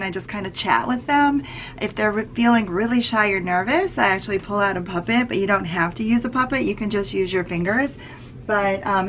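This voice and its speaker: Female preschool teacher, high bright pitch, casual explainer with sing-song bursts. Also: a little hiss or hum. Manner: casual, chatty, with fillers. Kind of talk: explaining and demonstrating circle-time songs.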